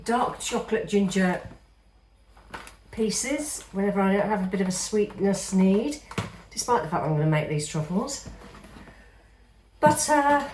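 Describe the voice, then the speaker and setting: Over a noisy background, a medium-pitched woman in her fifties chats casually in a vlog. She's from England with a light Midlands accent, sounds a little nasal from a night of sneezing, and rambles in a chatty, self-deprecating way.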